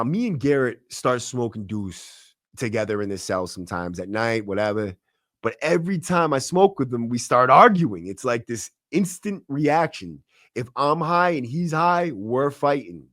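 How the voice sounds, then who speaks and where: A man's voice: mid-range voice, dry recording, clean studio sound. A man hosting a podcast, telling stories in a casual, profane, slangy way, and acting out the voices of the people in them. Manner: profane, slangy, excitable, acts out quotes. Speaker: podcast host. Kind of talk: casual storytelling.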